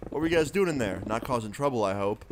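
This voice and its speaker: A man's voice: medium pitch, animated, fast, natural voice. A man voicing a friendly middle-aged school principal in a cheerful, coaxing tone over a noisy recording with typing clicks. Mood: suspicious.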